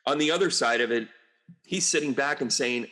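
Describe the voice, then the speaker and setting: A man's voice: mid-range voice, fairly quick, pushed and bright. A man who works as an astrologer and medium gives a casual, joking and rambling astrology reading.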